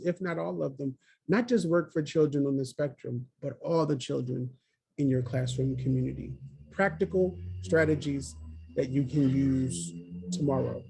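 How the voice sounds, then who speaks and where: Training early childhood staff in a video-call webinar, this presenter is encouraging and coaxes listeners by name. His voice is on the high side, warm and slightly rough, with vocal fry.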